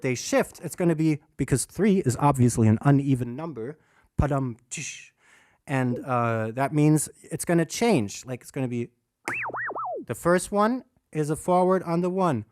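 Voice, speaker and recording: Lively, swearing DJ man teaching. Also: fairly high pitch, normal speed, slight background noise. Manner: animated, swears a lot, self-mocking. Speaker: DJ teaching a live workshop. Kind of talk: casual livestream teaching. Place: alone in a room under a bright light.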